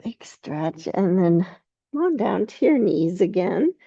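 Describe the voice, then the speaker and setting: A woman teaching a yoga class, giving slow, calm cues with soft laughs between poses. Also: mid-range voice, gravelly, husky, no room sound, lo-fi sound. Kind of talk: guided yoga class instruction.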